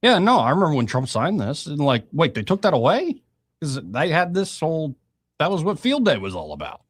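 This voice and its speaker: A man's voice: fairly high pitch, huge pitch swings, fairly quick, breathy edge, dry recording. Brief: man, 30s, talk radio host, blunt and jokey, dead-dry booth. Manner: wisecracking, blunt, lots of fillers. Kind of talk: casual political talk show.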